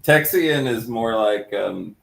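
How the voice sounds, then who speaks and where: A woman's voice: a bass voice, animated, slow, creaky. A woman from Texas who joins a casual chat as a guest and mostly adds short, agreeable remarks. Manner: brief, agreeable interjections. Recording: roomy echo.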